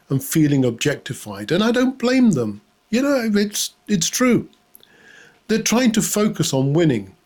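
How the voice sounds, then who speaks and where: A man hosts a satirical comedy monologue in a fairly high voice. He sounds sarcastic and mock-outraged and often laughs at his own jokes. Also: a little mellow. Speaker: comedy host.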